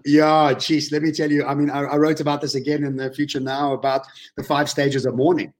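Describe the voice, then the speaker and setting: Male guest, lively emotional storyteller, slightly high-pitched, webinar chat. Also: a little fast. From South Africa. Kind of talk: casual webinar interview.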